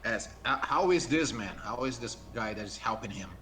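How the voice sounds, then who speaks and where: A man's voice: mid-range voice, expressive, moderate pace, a crowd in the background. A man playing in a tabletop role-playing game, asking careful questions about the scene. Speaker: player.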